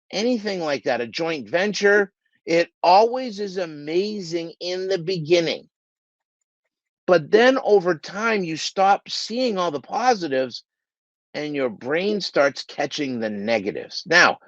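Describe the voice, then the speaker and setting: Guy giving a pep talk to shop owners, earnest, kinda high voice, dull dry recording. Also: dry recording. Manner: earnest, emphatic, repeats points for stress. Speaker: business coach and podcast host.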